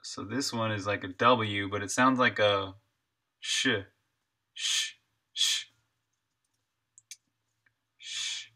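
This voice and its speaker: A man's voice: on the low side, fairly even intonation, measured pace, bright, forceful tone. A man, an indie game developer, chatting casually on a live stream while he works, thinking aloud, answering chat and chuckling often.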